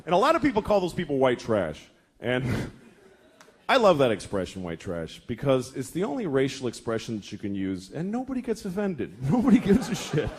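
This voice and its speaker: A man's voice: medium pitch, huge pitch swings, moderate pace, slightly rough. A middle-aged man performing a profane stand-up routine, exasperated, acting out the voices of the people he quotes. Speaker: stand-up comedian. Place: comedy venue before a laughing audience.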